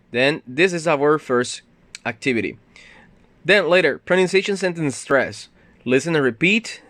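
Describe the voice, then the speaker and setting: Male ESL teacher, mid pitch, patient walkthrough, dry close mic. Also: a bit bright, no echo. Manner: patient, explains step by step with fillers. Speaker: English teacher. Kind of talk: recorded grammar lesson.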